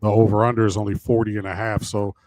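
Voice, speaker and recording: A man's voice: lowish voice, flat delivery, fast, a little mellow, no room sound. Man, podcast co-host, casual chat, rambling, loose delivery. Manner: rambling, many fillers and restarts. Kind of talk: casual sports talk.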